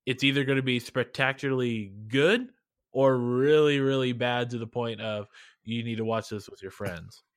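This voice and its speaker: A man of middling pitch co-hosts a podcast in casual chat. He is laid-back and a little hesitant, and his voice sounds dry and close to the mic. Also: fairly even intonation, moderate pace, clean tone, no echo. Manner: laid-back, hesitant, many fillers and laughs. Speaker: podcast co-host.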